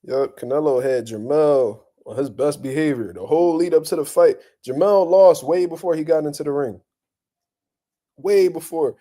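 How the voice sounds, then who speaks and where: Blunt, profane man with a mellow voice. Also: on the high side, moderate pace. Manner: profane, blunt, animated, laughing trash talk. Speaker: boxing commentary host. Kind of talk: casual opinion talk.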